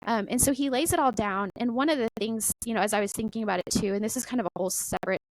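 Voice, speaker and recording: A middle-aged woman talking casually about faith as a podcast guest, animated and full of "like" and "right?". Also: on the high side, very fast, no room sound, low-quality recording.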